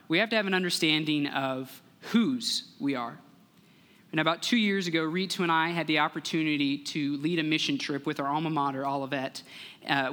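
A man's voice: fairly high pitch, sharp tone. Earnest young man preaching in a hall. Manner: earnest, measured, acts out quoted voices in the story. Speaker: guest speaker, church relations director. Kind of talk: sermon with storytelling. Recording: long hall reverb.

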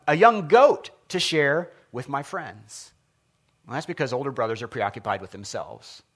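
A man preaching a sermon as pastor, earnest and expressive, often asking his listeners questions. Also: medium pitch.

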